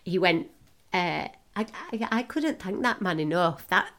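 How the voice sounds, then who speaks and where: Emotional woman host, halting. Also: lowish voice, expressive, fairly bright tone. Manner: emotional, halting, with many restarts. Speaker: podcast host. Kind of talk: personal storytelling monologue.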